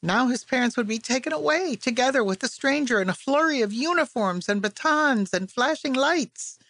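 A woman narrating literary fiction as an audiobook, in a measured, even storytelling voice on a close mic. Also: high-pitched, no room sound.

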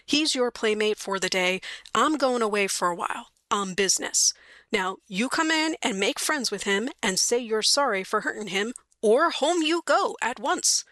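Woman reading a cool-headed outlaw man, folksy and dry, in her own bright tone. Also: mid-range voice, expressive, moderate pace, no echo. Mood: wry. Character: wry grown male kidnapper, talky and cool.

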